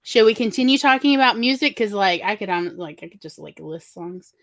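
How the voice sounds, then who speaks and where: A woman's voice: mid-range voice, animated, a little fast, no echo. A woman co-hosting a podcast, chatting casually and rambling with lots of fillers. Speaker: podcast co-host. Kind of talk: casual chat.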